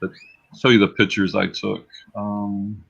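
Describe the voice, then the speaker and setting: Casual man host, low voice, chatty and self-repeating, slightly dull lo-fi audio. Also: level tone, measured pace, creaky, fairly bright tone. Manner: chatty, repeats words as he thinks aloud. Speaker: livestream host and reseller. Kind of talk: casual livestream chat.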